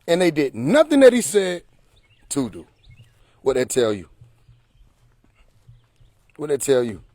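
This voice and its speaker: A man talking straight into his phone on a livestream, with a somewhat high voice and a dry, close sound. He is emphatic and preachy and keeps firing rhetorical questions at his listeners. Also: huge pitch swings, a little slow, warm tone, no echo. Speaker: livestream host. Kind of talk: casual livestream monologue.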